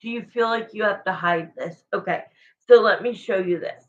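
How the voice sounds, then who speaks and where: A woman's voice: medium pitch, normal speed, dull audio. A woman giving a live tarot reading to viewers in a rambling, emotional, chatty way, searching for words as she goes. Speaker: tarot reader.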